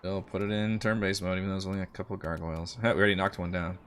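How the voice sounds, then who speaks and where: A man's voice: sits low, little pitch movement, rapid-fire, fairly bright tone. A man hosting a let's play, thinking aloud as he comments casually on a game and reads its text.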